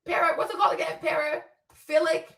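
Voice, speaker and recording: A woman's voice: very high-pitched, fairly even intonation, a little fast, a bit bright, echoey room, distant mic. A woman hosting a casual commentary stream, blunt and profane, laughing often as she rants. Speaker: commentary host.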